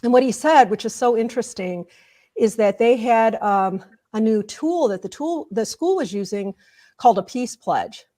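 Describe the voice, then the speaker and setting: A woman's voice: on the high side, animated, normal speed, mellow. Woman guest telling a story. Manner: retells conversations step by step. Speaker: guest, culture change consultant. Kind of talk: storytelling in an interview.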